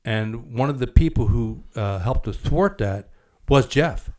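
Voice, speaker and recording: A man's voice: medium pitch, animated, unhurried, darkish tone. An older man hosting an interview, affably prompting his guest with follow-up questions and added detail. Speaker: podcast host.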